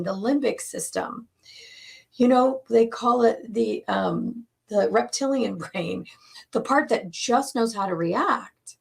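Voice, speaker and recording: Slow, gravelly-voiced woman coach. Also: on the high side. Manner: earnest, speaks in slow measured phrases. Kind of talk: teaching talk on relationships.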